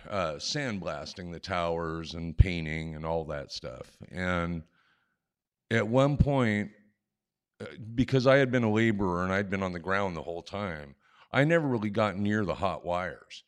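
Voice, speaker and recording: A man in his sixties telling a personal story live on stage into a microphone, animated and self-mocking with frequent chuckles. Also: sits low, measured pace, clear, resonant tone.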